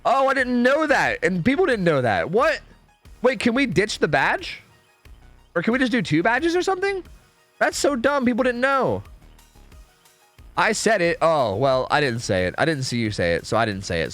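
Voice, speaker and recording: A man's voice: high voice, wildly swooping pitch, a little fast, fairly bright tone, no room sound, faint music behind. A young man streaming a game, rambling to his chat, swearing and second-guessing himself. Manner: rambling, self-questioning, swears freely. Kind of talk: casual gaming stream chat.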